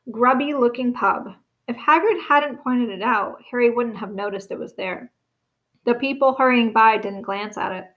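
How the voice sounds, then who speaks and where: A woman reading a storybook aloud in a steady, expressive narration. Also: on the high side, lo-fi sound. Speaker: audiobook reader.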